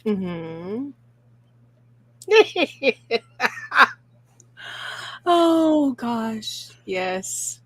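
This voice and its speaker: A woman with a fairly high voice speaks slowly and without hurry on a casual livestream. She reads out viewer questions and answers her co-host with a stream of easy agreement. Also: very animated, no echo. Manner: unhurried, agreeable, many affirming yeses.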